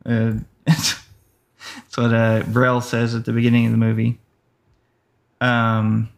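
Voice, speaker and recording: A man with a gravelly, creaky voice talking very slowly on a movie-review podcast. He is dry and matter-of-fact, and he pauses a lot between thoughts. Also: medium pitch. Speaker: podcast co-host. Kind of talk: casual movie-review chat.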